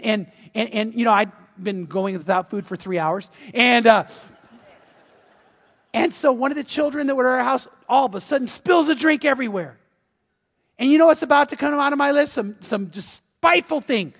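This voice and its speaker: Man, pastor, high voice, conversational sermon, frequent restarts, long church-hall reverb. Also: normal speed. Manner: animated, conversational preaching with repeated restarts. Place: church sanctuary.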